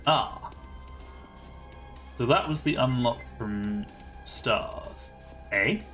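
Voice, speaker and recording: A man's voice: medium pitch, extremely slow, sharp tone, faint music behind. A man streaming a story game, reading its narration aloud and breaking off to comment on it. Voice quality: chatty, reads lines out and then reacts to them.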